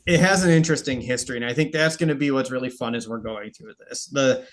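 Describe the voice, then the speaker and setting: A man's voice: mid-range voice, fast. Easygoing man explaining finance. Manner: explains steadily, laughs easily. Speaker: co-host of a dividend investing show. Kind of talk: casual finance chat.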